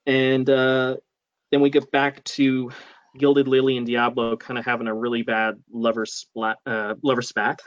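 A man's voice: mid-range voice, little pitch movement, a little slow, dry recording, highs cut off. A man guest on a casual comic-book podcast, talking hesitantly with many fillers and hedges.

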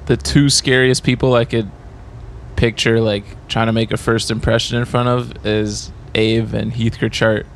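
A man co-hosting a podcast, making relaxed, chatty remarks to the guest. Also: mid-range voice, normal speed, gravelly, slight background noise. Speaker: podcast co-host. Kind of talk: casual chat.

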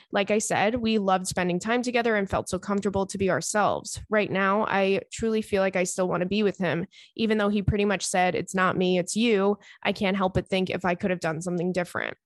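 A woman's voice: medium pitch, no echo. A woman hosting an advice podcast, reading a listener's letter aloud and then answering it in a chatty, earnest way with many fillers. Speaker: podcast host giving advice.

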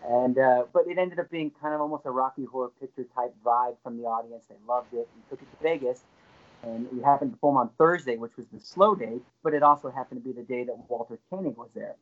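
A man guest on an interview, telling an excited anecdote with lively jumps in his voice. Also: fast, phone-quality sound. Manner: animated, excited storyteller with frequent pitch jumps. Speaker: guest actor. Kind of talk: casual anecdote storytelling.

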